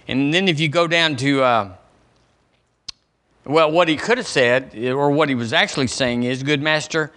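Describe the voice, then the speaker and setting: A man's voice: mid-range voice, sharp tone. A man preaching a sermon as pastor of a church, in a folksy, conversational way, acting out questions people ask the Lord. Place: church sanctuary.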